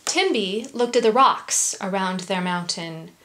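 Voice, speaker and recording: A woman reading a picture book aloud to children, gentle, with hushed asides. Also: medium pitch, lively intonation, measured pace. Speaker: storyteller for children.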